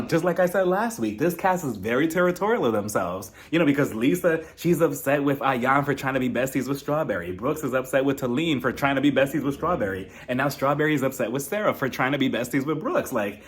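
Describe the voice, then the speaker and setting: A man giving a sassy, mocking, animated casual review of a TV episode. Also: mid-range voice, quick pace, few pauses. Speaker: TV show reviewer. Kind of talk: casual commentary.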